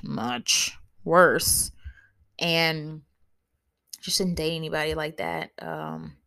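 A woman hosting her own podcast in casual solo talk, candid and playful, speaking straight to her listeners. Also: fairly low pitch. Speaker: podcast host.

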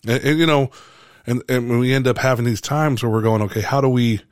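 A man, a pastor, giving a casual church talk in a relaxed way, halting often with fillers and restarts. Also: mid-range voice, no room sound, clean studio sound.

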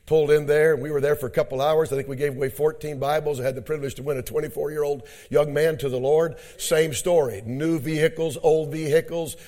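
A middle-aged pastor preaching a sermon, telling a story in a low, quiet voice and then rising to loud shouted exhortation. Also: male voice, fairly even intonation, fast, hardly any pauses. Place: church conference hall.

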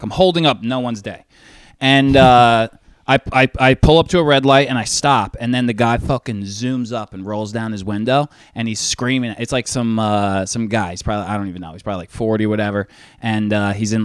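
A young man telling a profane, animated story in casual chat. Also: fairly low pitch, a little fast, clear, resonant tone, no room sound, studio quality. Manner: profane, animated storytelling, says dude a lot.

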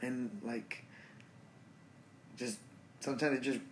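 A young man hosting a solo podcast, talking in a relaxed, slangy way as he rants about his day. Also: mid-range voice, slow pace, a little hiss or hum. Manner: relaxed, slangy and ranting, full of fillers. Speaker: podcast host. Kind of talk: casual solo podcast monologue.

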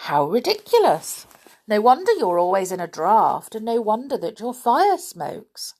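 Lady putting on a bossy little boy voice from a kids story, quick and no-nonsense, a bit husky. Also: medium pitch, sing-song, a little mellow, pitched above the performer's own voice, full character voice. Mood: brisk. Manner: brisk, impatient, matter-of-fact. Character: brisk sensible little boy.

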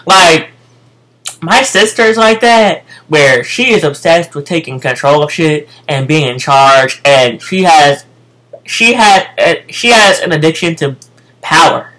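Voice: medium pitch, measured pace, pushed and bright, low-quality recording. An American speaker telling a casual storytime rant to viewers, profane and emphatic, often repeating phrases. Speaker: vlogger.

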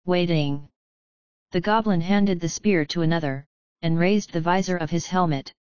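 Low, smooth-voiced woman narrating. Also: moderate pace, darkish tone, no echo, highs cut off. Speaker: audiobook narrator. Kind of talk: scripted fantasy narration.

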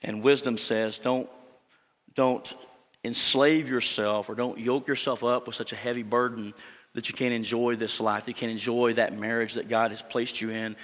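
A male pastor delivers a sermon in an earnest, conversational way, often pausing on fillers and restarting his sentences. His voice sits at an ordinary middle pitch. The sound carries a long reverb from a church hall. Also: level tone, a bit bright.

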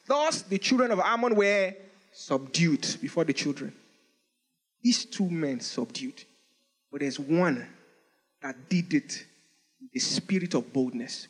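A male pastor preaching a lively sermon, reading scripture aloud in old-style English and laughing often. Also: sits high.

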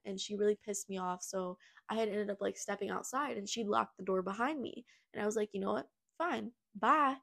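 A woman's voice: mid-range voice, gravelly. A young woman podcast host telling her personal story in a confessional way, acting out the dialogue as she recounts it.

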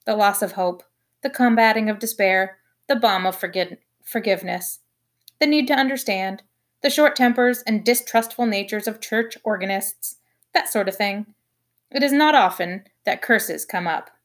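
A woman reading aloud, voicing a gentle, thoughtful older male minister who speaks in a soft, measured, kindly way. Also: mid-range voice, close to an everyday voice. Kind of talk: audiobook character voice.

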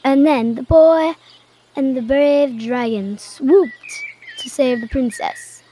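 A woman voicing a determined young boy who reads aloud in a booming voice. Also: fairly even intonation, measured pace, vocal fry, a little mellow. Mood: bold.

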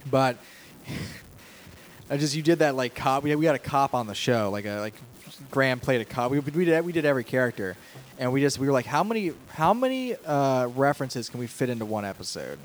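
A man chatting as a podcast guest at a friend's home, teasing and quick to laugh. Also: mid-range voice, lively intonation, a little hiss or hum. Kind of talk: casual podcast chat.

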